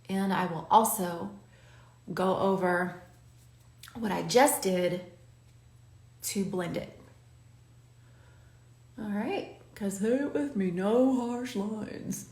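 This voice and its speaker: Woman host, encouraging makeup-tutorial chatter, middle pitch, roomy echo on the recording. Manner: chatty and encouraging, coaching the viewer. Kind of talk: talking while doing her makeup on camera.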